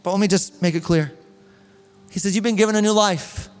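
A man preaching a sermon as pastor, animated and reading scripture aloud to his congregation. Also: high-pitched, fairly quick, clean tone, in a large hall. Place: church hall.

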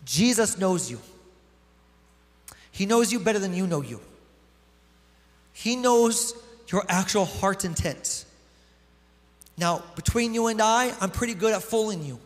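A man's voice: high-pitched, expressive, unhurried, long pauses. A man preaching a sermon as pastor. He reads scripture aloud, then explains it in a conversational way. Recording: long hall reverb.

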